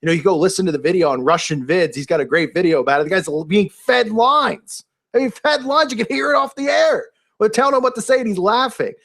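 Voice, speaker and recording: A man's voice: sits high, animated, fast, hardly any pauses, a bit bright. A man talking in a casual, unscripted monologue, rambling and incredulous, with many restarts and fillers. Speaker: video commentator.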